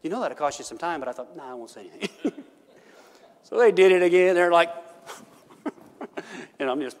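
A middle-aged man preaches in a church, his fairly high voice ringing with a long hall reverb. He tells homely stories and often stops to ask his listeners "right?", laughing along as he talks. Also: lively intonation, normal speed. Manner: folksy storytelling, laughs often, asks "right?". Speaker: pastor. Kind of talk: sermon. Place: church sanctuary.

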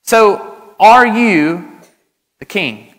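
A man voicing an exasperated Roman governor in a loud, casual, impatient way during a sermon. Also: high voice, lively intonation, drawn-out words, voice pushed up, exaggerated voice. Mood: alarmed. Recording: reverberant church hall.

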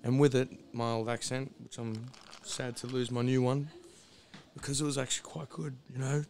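A hoarse man with a husky voice, chatting casually and rambling before a live stream, swearing freely and losing his train of thought. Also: mid-range voice, little pitch movement, moderate pace, darkish tone. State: hoarse, voice recovering. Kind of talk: casual pre-stream chat. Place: hostel.

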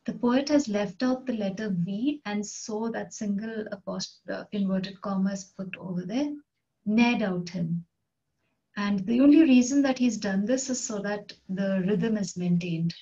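Slow, careful woman teaching English. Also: medium pitch, warm tone, lo-fi sound. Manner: reads verse lines then explains words simply. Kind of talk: slow explanatory poetry lesson.

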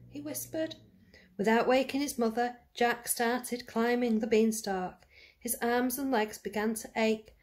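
A woman reading a fairy tale aloud to children, gentle and speaking to them directly. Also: medium pitch. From United Kingdom. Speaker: storyteller for children. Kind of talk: read-aloud storytelling.

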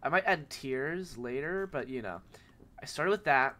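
Man, nasal voice, sick with a cold, slow rambling tutorial talk, bright tense tone. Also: on the high side, animated. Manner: rambling, full of fillers. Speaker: software tutorial creator. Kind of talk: casual screen-recorded tutorial.

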